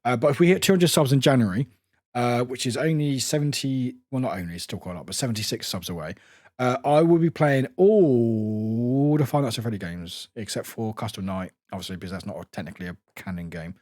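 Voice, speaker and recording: A man streaming a game live, excitable and swearing freely as he chats back to his viewers. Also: mid-range voice, fairly quick, no room sound, clean studio sound. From United Kingdom.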